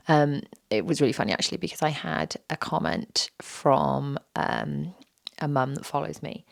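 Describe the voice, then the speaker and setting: A British woman talks through her own podcast while nursing a sore throat, her low voice hoarse and scratchy with plenty of gravel. She chats casually and slips into a whisper when her voice gives out. The sound is close and dry. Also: animated, normal speed, no echo. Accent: British English. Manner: chatty, breaks into whispers on a failing voice. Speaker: podcast host; mother. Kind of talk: casual solo podcast talk.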